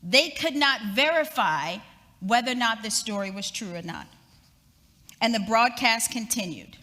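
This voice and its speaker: A middle-aged woman giving a talk as guest speaker, telling a story in a lively, dramatic way, recorded in an echoey event hall. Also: a little high, measured pace.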